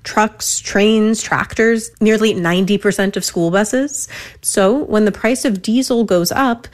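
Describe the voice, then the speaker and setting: A woman radio correspondent reading a scripted news report, crisp and explanatory. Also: mid-range voice.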